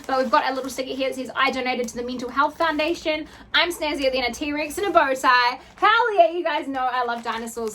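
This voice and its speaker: A young woman from New Zealand with a high, bright voice, chatting through a casual unboxing vlog. She gushes and gets emotional, piles on exclamations and drops the odd swear. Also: a little hiss or hum. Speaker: vlogger.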